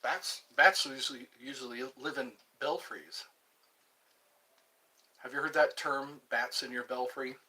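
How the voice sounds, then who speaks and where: Hosting a livestream from a tripod-mounted phone, a middle-aged man chats and rambles casually to young viewers, drifting into song snippets. His medium-pitched voice is bright and forceful, measured in pace, with frequent pauses.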